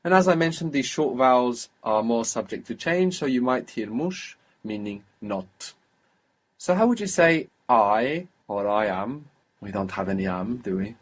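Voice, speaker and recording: A man with a medium-pitched, expressive voice gives a language lesson at a moderate pace, patiently prompting his student with questions and repeating back the answers.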